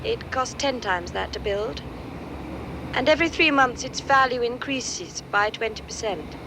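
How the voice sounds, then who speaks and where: A careless, spoiled young heiress speaks in a high, swooping, airy voice. Loud street and traffic noise fill the background of this old film soundtrack. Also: female voice, animated, a little slow. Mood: nonchalant. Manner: airy, nonchalant.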